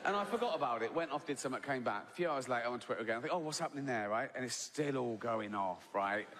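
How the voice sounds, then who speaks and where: A man's voice: mid-range voice, animated, fast talker. A man performing stand-up comedy on a theatre stage, talking conversationally and asking "right?" at the end of his lines. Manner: conversational, asks "right?" constantly. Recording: live theatre reverb, audience noise.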